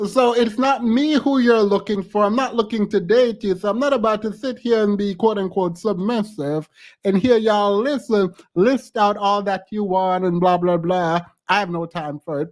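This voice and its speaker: A hoarse podcast host giving sassy, laughing commentary on a clip. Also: medium pitch, moderate pace. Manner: sassy, exclamatory, laughs often. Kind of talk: casual reaction commentary.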